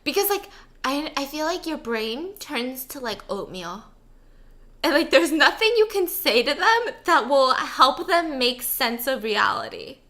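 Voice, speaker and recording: Woman, high pitch, bright, animated storyteller, laughs often, casual chat. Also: measured pace. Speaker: mukbang host.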